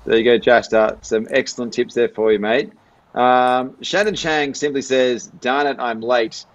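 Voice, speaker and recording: A man's voice: medium pitch, fairly even intonation, moderate pace, no echo. Host: Australian man, easygoing, reads fan messages, dry and slightly muffled sound. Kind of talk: live stream chat, reading viewer comments.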